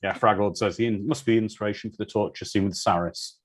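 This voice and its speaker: A man's voice: on the low side, fairly even intonation, quick pace. A man hosting a live watch-party commentary, chatting casually and answering viewer comments.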